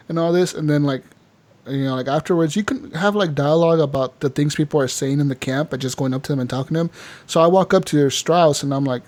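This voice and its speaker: A man co-hosting a casual gaming podcast, telling a game's story with lots of swearing and putting on quick voices for the characters. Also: a little high. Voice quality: animated storyteller, swears freely, acts out characters in quotes. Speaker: podcast co-host.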